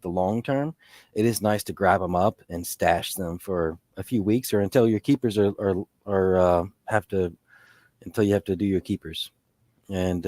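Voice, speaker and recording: Male podcast co-host, deep-ish voice, loose rambling delivery, dry recording. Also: a little mellow, dry recording. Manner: rambling, full of restarts and fillers. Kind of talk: casual fantasy sports chat.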